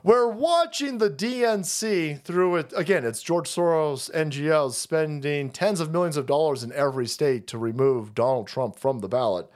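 A man's voice: fairly high pitch, moderate pace, few pauses. A man hosting a stream who rants about politics in a sarcastic, mocking, foul-mouthed way. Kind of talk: profane political rant.

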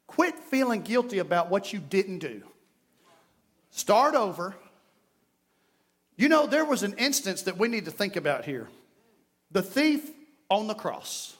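A male pastor delivers a sermon. His voice sits very high, rising to loud calls to the congregation, then dropping to soft, hushed prayer. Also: big pitch swings, measured pace, pauses often. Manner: passionate preaching, swinging between loud calls and hushed prayer. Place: church sanctuary.

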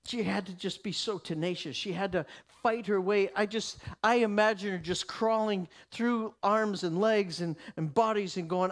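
A man's voice: high voice, moderate pace, hardly any pauses. A man teaching a sermon emphatically, often restarting his sentences. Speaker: Bible teacher.

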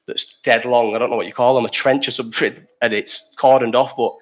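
A man's voice: medium pitch, fairly even intonation, fairly quick. A young man hosting a live chat, rambling through a festival story, swearing freely and breaking off to answer the chat. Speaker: livestream host.

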